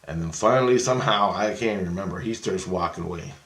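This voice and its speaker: This is a fast-talking vlogger, voice somewhat low but fairly bright, telling a meandering story about his astral travel. Profanity flows as he gets more worked up, and he mimics the characters' voices while the room's echo rings around him.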